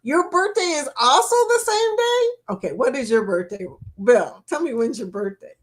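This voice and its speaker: A woman's voice: sits high, expressive, normal speed. A middle-aged woman, hosting a casual livestream chat, reading viewer comments aloud and laughing often.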